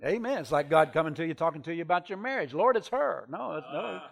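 Animated man preaching a sermon. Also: a little high, fast talker, gravelly, noisy background. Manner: animated, swings from hushed to shouting. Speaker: traveling preacher. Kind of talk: sermon storytelling.

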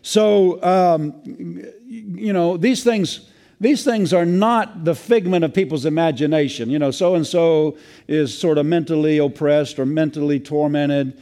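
A man's voice: fairly high pitch, measured pace, mellow. A male pastor preaching a sermon in a folksy way, with many fillers and restarts.

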